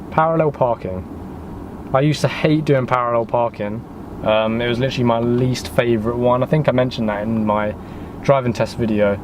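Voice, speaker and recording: A man's voice: mid-range voice, background noise. A young man from the United Kingdom, chatting casually and self-deprecatingly in a vlog, rambling with fillers. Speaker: vlogger. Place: in a car and outdoors by a house.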